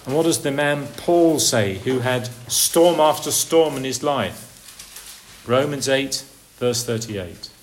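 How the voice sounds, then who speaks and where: Speaking slowly over slight background noise, a male preacher works through a sermon built on rhetorical questions. His voice climbs to emphatic peaks, then sinks to quiet, low lines.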